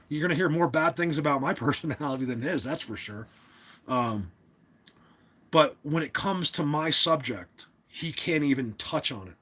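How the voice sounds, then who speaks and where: A man's voice: on the high side, a bit bright, slightly rough. A man hosting a casual livestream, talking to his chat in an opinionated, rambling way with many restarts. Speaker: livestream host.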